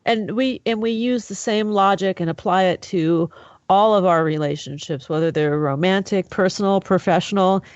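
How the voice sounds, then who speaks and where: A woman's voice: mid-range voice, normal speed, darkish tone, dry recording. Woman, podcast host, enthusiastic, affirming, dry close sound, lo-fi. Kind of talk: conversational interview.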